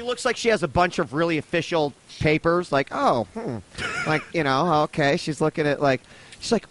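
A man's voice: fairly high pitch, expressive, normal speed, a bit bright. A man, telling a rambling, profane travel story on a casual podcast. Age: 30s.

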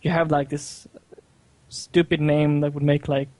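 A man hesitantly explaining a gameplay idea, trailing off and restarting often. His voice sits slightly high and sounds dry and close. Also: flat delivery, a little mellow, no room sound. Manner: halting, full of fillers and restarts. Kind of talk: casual gaming chat.

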